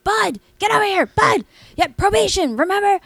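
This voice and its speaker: Brief: woman putting on a hysterical girlfriend, shrill and high, yelling indignantly, the voice cracking upward. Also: animated, normal speed, gravelly, dry recording, full character voice.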